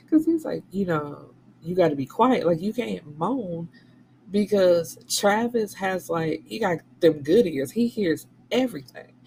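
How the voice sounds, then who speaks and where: A woman's voice: mid-range voice, darkish tone, slight background noise, rough recording. A woman hosting a book channel, recapping a novel in a casual, blunt and profane way, slipping into the voices of the people she quotes. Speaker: book reviewer and channel host.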